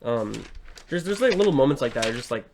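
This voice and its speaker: A man's voice: medium pitch, big pitch swings, fast talker, a little mellow, a little hiss or hum. Young man rambling about films. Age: young adult. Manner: rambling with frequent fillers and restarts. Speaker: podcast co-host. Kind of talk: casual film discussion.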